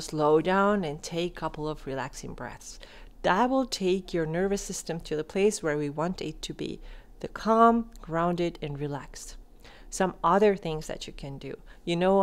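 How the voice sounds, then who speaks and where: A woman with a slightly low voice talks straight to her listener as a podcast coach. She moves between fast, animated stretches and slowed, softly spoken calm passages. She often asks the listener questions. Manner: expressive, shifts between fast excited talk and slow soft calm; addresses listener directly with questions. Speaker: podcast host and wellness coach. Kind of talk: instructional podcast talk.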